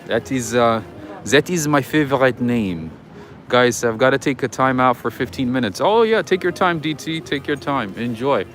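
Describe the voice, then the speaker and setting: A chatty man livestreams from an old-town street at night, talking into a handheld phone. He greets viewers and answers their comments in an easygoing way, at a mid-range pitch. Jazz plays clearly nearby. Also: fairly bright tone. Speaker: livestream host. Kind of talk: casual live walking-tour chat. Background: jazz music playing nearby.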